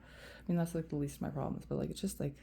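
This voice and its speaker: A woman's voice: low-pitched, steady tone, fast, vocal fry, over music. A woman vlogger venting in a rambling, profane rant to camera, full of fillers.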